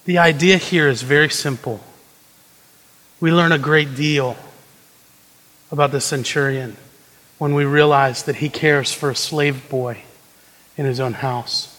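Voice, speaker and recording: A man's voice: medium pitch, steady tone, measured pace, pauses often, fairly bright tone, long reverb tail, poor audio. A man preaching a sermon in a conversational way, acting out quoted prayers and tossing asides to the congregation. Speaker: pastor.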